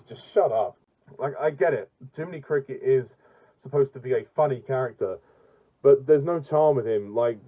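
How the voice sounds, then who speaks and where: A man's voice: medium pitch, narrow, tinny audio. A man reviewing a film in a casual rant, blunt and exasperated, often stumbling and restarting his sentences.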